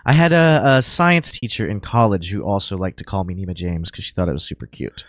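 A man's voice: low-pitched, expressive, brisk, no room sound, studio quality. A man co-hosting a podcast, chatting casually in a laid-back, joking way. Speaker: podcast co-host.

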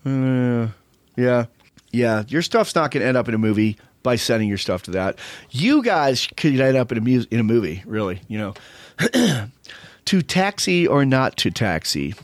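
A middle-aged man talks in a loose, rambling podcast chat, cracking jokes and teasing the others. His voice sits close and dry on the mic with no room sound around it. His pitch is ordinary for a man. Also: big pitch swings, moderate pace, no room sound. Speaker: podcast host. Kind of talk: casual chat. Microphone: studio mic.

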